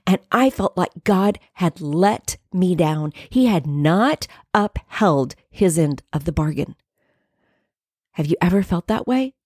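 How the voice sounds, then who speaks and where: A middle-aged woman from the United States hosting a faith podcast, telling a personal story earnestly and dropping to soft whispers at times. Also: fairly low pitch, lively intonation, takes it slowly, slightly rough, no echo, studio quality. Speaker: podcast host.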